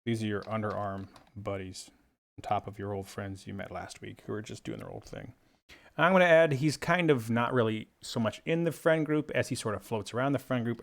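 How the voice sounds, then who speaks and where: A man's voice: fairly low pitch, creaky. A man teaching a drawing tutorial in a playful, chummy, jokey way. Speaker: art instructor.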